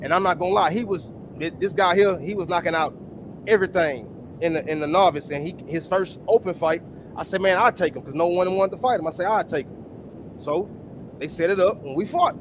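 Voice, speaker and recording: A man from the Houston area of Texas with a Texan accent, telling a lively story in a casual panel chat, acting out the voices of the people in it. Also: sits high, brisk, noisy background. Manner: animated, acts out voices in stories, profane. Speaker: amateur boxer, panel guest.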